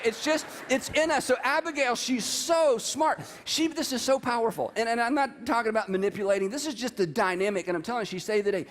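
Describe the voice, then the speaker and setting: Male preacher, high voice, animated scripture reading, long hall echo. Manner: animated, reads scripture aloud with emphasis. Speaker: pastor. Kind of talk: sermon.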